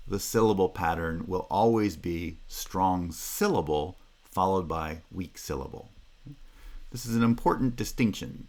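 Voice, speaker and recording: A man giving a university linguistics lecture, explaining carefully and stopping often to check with "Okay?". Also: on the low side.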